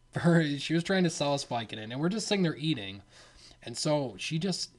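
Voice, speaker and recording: A man's voice: on the high side, moderate pace. Young guy telling a wild story. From Detroit, Michigan. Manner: animated, laughing storyteller, says dude and man a lot. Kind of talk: casual chat, storytelling.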